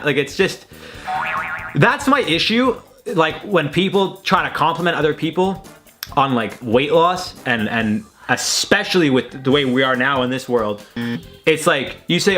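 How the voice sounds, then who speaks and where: Animated young man riffing on tweets. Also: fairly high pitch, normal speed, faint music behind. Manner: animated, rambling, swearing, laughing at own jokes. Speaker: host reacting to tweets. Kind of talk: casual reaction commentary. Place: his room. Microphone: desk mic at his computer.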